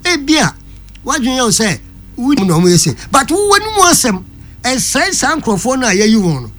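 Speaking at a normal speed in a medium-pitched, very animated and fairly bright voice, a Ghanaian-accented talk-show guest preaches a forceful Christian viewpoint. The commentary moves back and forth between English and Twi.

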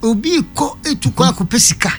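Emphatic Ghanaian speaker, lively pitch. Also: moderate pace, faint music behind. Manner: emphatic and preachy, switching between Twi and English. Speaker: guest giving a Christian view. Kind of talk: opinionated talk-show commentary.

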